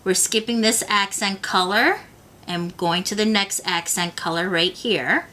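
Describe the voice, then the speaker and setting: Woman, craft tutorial host, bright tone, patient step-by-step guide. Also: medium pitch, a little slow, a little hiss or hum. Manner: patient, talks the viewer through each step. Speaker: beading instructor.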